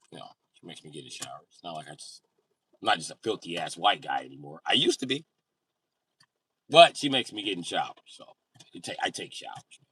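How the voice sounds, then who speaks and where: A man voicing a defensive, loud white guy who whines and yells in a high voice. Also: slightly rough, distant mic, full character voice.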